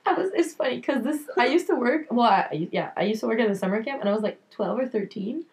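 A young woman chats as a podcast guest. Her voice sits high and swoops all over. She giggles and acts out other people's voices as she tells stories. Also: lively intonation, fast talker, a little mellow. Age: young adult. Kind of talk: casual chat.

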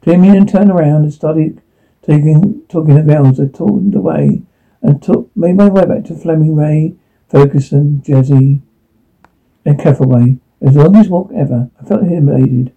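Over a tinny, phone-like line, a man narrates a rueful, self-deprecating story about his youth in the first person. His voice is fairly high and a little rough, at a normal speed.

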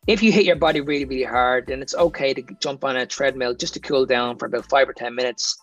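Speaking quickly in a steady, somewhat bright medium-pitched voice, a man from Ireland chats on a podcast as a guest. He's a fitness coach who lays out training advice in plain terms, based on what he's lived through himself.

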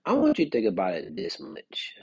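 A man's voice: on the low side, huge pitch swings, fairly quick, slightly rough, dry recording. A man hosting a podcast, talking casually in a rambling commentary with lots of fillers and restarts. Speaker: podcast host.

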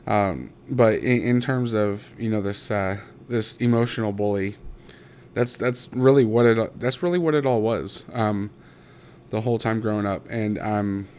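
A man in his thirties telling his own story in a personal monologue, halting and restarting his words, emotional and close to breaking. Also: fairly low pitch, a little mellow, a little hiss or hum. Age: 30s. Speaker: podcast host.

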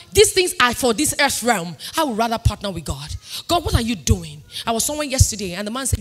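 A Nigerian woman pastor in her thirties preaching a sermon, emphatic and sing-song, swinging between loud declarations and quiet asides. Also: fairly high pitch, expressive, fast. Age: 30s.

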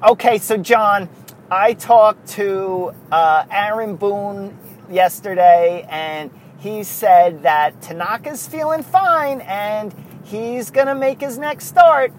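A man imitating an earnest female radio baseball reporter, speaking slowly. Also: sits high, slight background noise, pitched above the performer's own voice.

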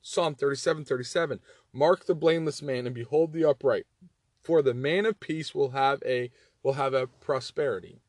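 A man's voice: medium pitch, moderate pace, no echo, clean studio sound. Earnest Southern man teaching scripture. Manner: earnest, animated, repeats words when emphasizing. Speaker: Bible teacher. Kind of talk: casual Bible teaching.

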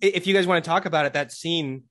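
Male co-host, a touch high, profane and excitable, casual review banter. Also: fast. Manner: excitable, profane, acts out quotes in voices. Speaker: podcast co-host. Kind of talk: casual pop-culture review chat.

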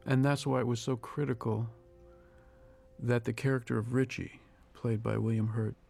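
A man, a film director, giving a reflective audio commentary, thinking aloud with pauses and restarts. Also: medium pitch, level tone, gravelly, darkish tone, faint music behind.

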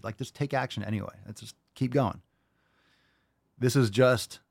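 Male podcast host, mid-range voice, dry close sound. Blunt, profane, mocking, animated. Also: medium pitch, brisk, vocal fry, dry recording. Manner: animated, rhetorical questions.

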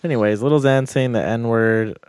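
A man's voice: mid-range voice, normal speed, a little mellow, smooth, no room sound. A man co-hosting a podcast, bantering loosely and casually with plenty of swearing. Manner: loose, profane, laid-back banter. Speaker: podcast co-host. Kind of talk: casual chat.

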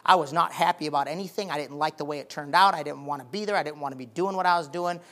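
A male pastor preaching a sermon in a folksy, plain-spoken way, moving from quiet talk to loud, emphatic fervor. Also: fairly high pitch, quick pace. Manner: colloquial, plain-spoken phrasing.

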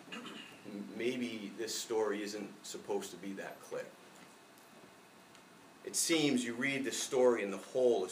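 Low-voiced pastor in a roomy church. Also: male voice, distant mic, slight background noise. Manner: reflective, personal storytelling. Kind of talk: sermon.

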